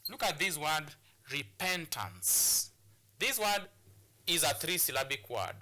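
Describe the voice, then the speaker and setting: Male TV teacher, bright and slightly high voice, stop-start and repetitive delivery. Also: animated, normal speed, a little hiss or hum. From Kenya. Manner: repeats phrases, stop-start explaining. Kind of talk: classroom lesson on TV.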